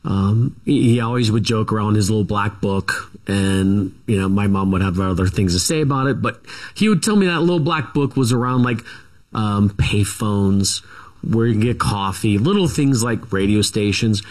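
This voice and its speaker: A middle-aged man being interviewed as a guest, telling a family story in a rambling, halting way with many asides. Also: fairly low pitch.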